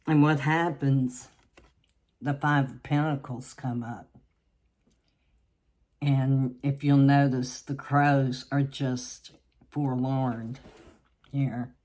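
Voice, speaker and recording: A woman from the South, giving a tarot reading in a slow, halting way with many restarts. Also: extremely low pitch, a little mellow. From Southern United States. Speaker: tarot reader.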